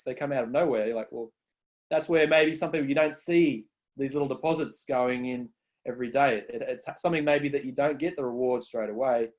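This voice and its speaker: A man co-hosting a casual podcast, explaining ideas in an earnest, measured way. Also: medium pitch. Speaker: co-host.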